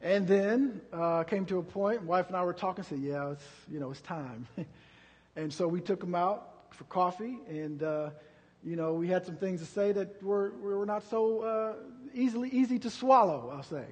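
A pastor preaching a sermon, moving from quiet storytelling to loud, drawn-out preaching. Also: male voice, high-pitched, breathy edge, long reverb tail.

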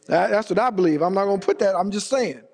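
A man's voice: high voice, fast talker, vocal fry, darkish tone. A man preaching a sermon as pastor, emphatic and repeating his key phrases for weight. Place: church sanctuary. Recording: long reverb of a large hall.

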